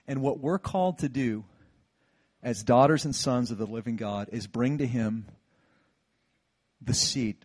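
A middle-aged man preaching a sermon, retelling a Bible story with lively acted-out lines. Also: medium pitch, husky. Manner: animated storytelling, acts out disciples' lines. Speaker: pastor.

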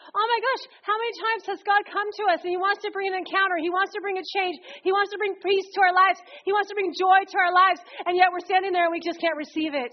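High-voiced woman preaching a lively sermon. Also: quick pace, few pauses. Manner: conversational, energetic, slips into acted quotes. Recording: dull lo-fi recording.

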